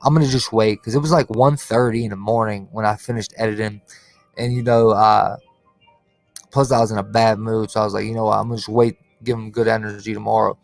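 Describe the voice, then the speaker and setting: A man's voice: on the low side, steady tone, brisk, gravelly, no room sound, soft background music. A man hosting his own channel, ranting casually on a livestream, confrontational and slangy, tacking "bro" and "cuz" onto his lines. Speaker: conspiracy channel host.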